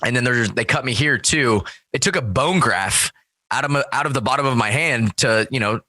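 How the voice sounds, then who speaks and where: Guy swearing his way through a wild story, bright voice, super dry close mic. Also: mid-range voice, normal speed, dry recording. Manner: profane, storytelling, acts out quoted voices loudly. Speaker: guest. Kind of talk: casual chat.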